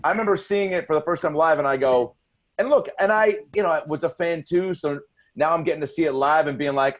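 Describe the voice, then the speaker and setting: A man's voice: on the high side, fast talker. A man hosting a live comedy podcast, joking and swearing as he talks. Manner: profane, joking, lively. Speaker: podcast host.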